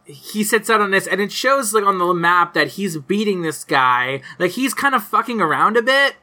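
A man's voice: high-pitched, animated, normal speed, pushed and bright. A man co-hosting a podcast in casual chat, rambling with lots of fillers and casual swearing. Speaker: podcast co-host. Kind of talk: casual chat recapping a cartoon episode.

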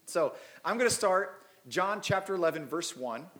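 A man's voice: sits high, expressive, normal speed, fairly bright tone, reverberant. A man preaching a Christmas sermon as pastor, reading scripture and breaking in with casual, self-deprecating asides.

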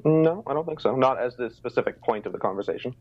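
A man's voice: mid-range voice, lively intonation, fast talker, husky. A young man from Canada telling a personal story in a casual conversation, reflective, with many ums. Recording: dry, slightly dull sound.

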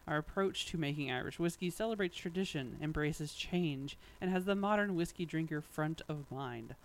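A man's voice: on the high side, moderate pace, rough recording. A man co-hosting a casual podcast chat, reading a press statement aloud with wry asides and frequent laughs. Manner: wry, laughs often, drifts off mid-sentence. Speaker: podcast co-host.

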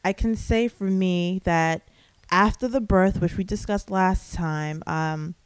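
A woman's voice: fairly low pitch, takes it slowly, clear, resonant tone, no echo. A woman hosting a casual podcast, upbeat and friendly, who laughs easily while chatting on a couch at home. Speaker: podcast host. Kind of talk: casual chat. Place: living room couch in a home.

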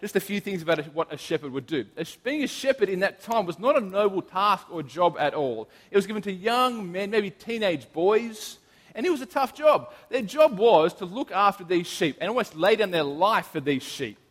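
Young male preacher, conversational storyteller, slightly high voice, echoing hall. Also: moderate pace. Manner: chatty and animated, frequent fillers and restarts. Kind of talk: casual sermon with storytelling. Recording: long hall reverb.

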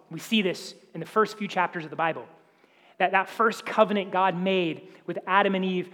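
A male pastor preaching with a high voice. He is emphatic and often sinks to a hushed near-whisper to press a point. His words ring with the long reverb of a large hall. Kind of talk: sermon.

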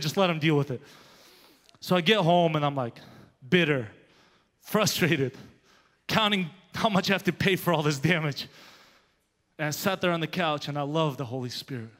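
A man pastor giving a sermon with a personal story, animated and growing loud as he tells of his anger. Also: a little high. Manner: animated, grows loud when telling of anger. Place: church sanctuary. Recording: long hall reverb.

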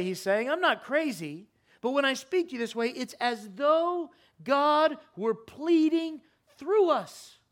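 A pastor delivering a sermon to his congregation in a church sanctuary. His voice swings from fervent, raised urgency down to a low, hushed intensity. He uses a wide, lively range of pitch and loudness. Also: measured pace. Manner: impassioned, rising and falling, drops to a quiet earnest plea.

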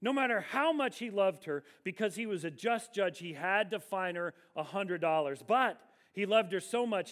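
A man preaching with a noticeably high voice, leaning into his points with emphasis. He slows right down to stress the key phrases of his sermon. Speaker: pastor.

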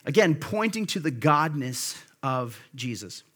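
A pastor preaching a sermon in a conversational way, with fillers and restarts, slowing and dropping quiet to stress key phrases. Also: male voice, fairly high pitch, big pitch swings. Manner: drops to a slow, quiet emphasis on key phrases.

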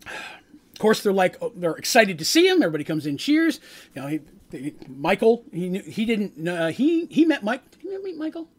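A man's voice: high-pitched, very animated, moderate pace, breathy edge. A man game master recapping a tabletop game session, rambling with many fillers and asides.

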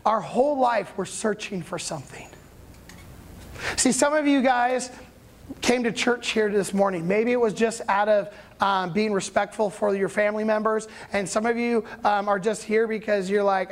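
Lively conversational male pastor. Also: sits high, normal speed. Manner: lively conversational storytelling, sudden loud bursts. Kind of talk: sermon.

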